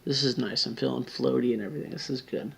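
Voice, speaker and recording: A man's voice: mid-range voice, quick pace, gravelly, a bit bright, slightly rough. A drunk man, near tears and slurring, earnestly pleading with viewers and often dropping to a whisper. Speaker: video blogger. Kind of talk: emotional direct-to-camera appeal.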